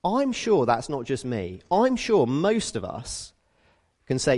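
A British man preaches in an easy, conversational way, telling everyday stories and slipping into the voices of the people in them. His pitch rises and falls a great deal as he goes. The sound rings with the long echo of a church hall. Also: slow pace. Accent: British English. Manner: lively storytelling, acts out quoted people. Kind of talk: conversational sermon.

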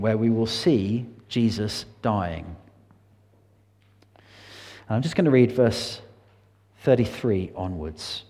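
Earnest preacher in a reverberant hall. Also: male voice, a little mellow. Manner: earnest, emphatic, pitch rising and falling with emphasis. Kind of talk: sermon.

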